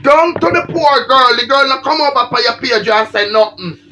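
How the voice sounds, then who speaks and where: A woman's voice: sits high, lively intonation, normal speed, noisy background. A woman with a Jamaican accent, feeling unwell, ranting and pleading on a livestream. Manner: emphatic, pleading, repetitive. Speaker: social media personality.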